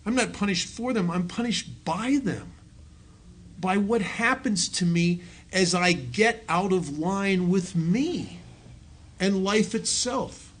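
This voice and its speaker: A man's voice: high-pitched, animated, slow, slightly rough. Joking man giving a recovery talk. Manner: joking, self-mocking storyteller. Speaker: recovery meeting speaker. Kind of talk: personal recovery talk to an audience. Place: meeting hall with a live audience.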